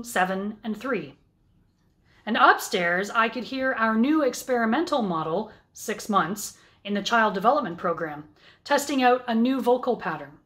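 A woman pastor with a Canadian accent, giving a sermon at a slow, measured pace with deliberate pauses. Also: on the high side, a bit bright.

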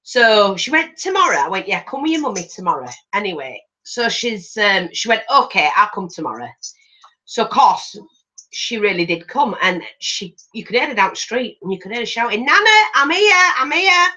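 A woman's voice: medium pitch, normal speed, rough recording. An older grandmother, chatting as she works on a craft tutorial and acting out little voices in her stories. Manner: animated, acts out voices in anecdotes. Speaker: craft channel host. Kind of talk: chatty storytelling while crafting.

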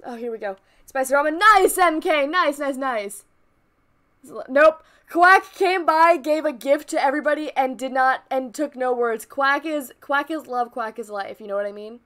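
A woman streaming a game live, bubbly and excitedly thanking her chat. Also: high-pitched, normal speed. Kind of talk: casual live gameplay streaming.

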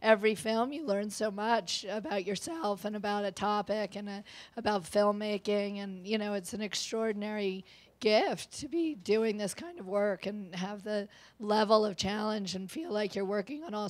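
A woman's voice: mid-range voice, moderate pace, poor audio. A woman documentary filmmaker speaking earnestly on a panel, stressing her points by repeating them. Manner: earnest, repetitive emphasis.

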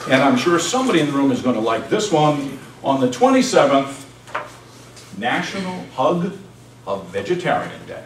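A man's voice: mid-range voice, sing-song, normal speed. A man who is a club president, making playful jokes as he introduces a seminar evening. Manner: playful, jokey. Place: meeting room at a college. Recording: echoey room, distant mic, noisy.

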